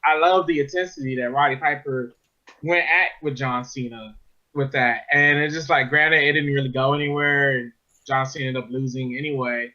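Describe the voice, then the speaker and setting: Male co-host, bright tense tone, muffled lo-fi sound, earnest and rambling. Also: medium pitch, fairly even intonation, normal speed. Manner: earnest, rambling, many fillers. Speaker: podcast co-host. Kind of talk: casual chat.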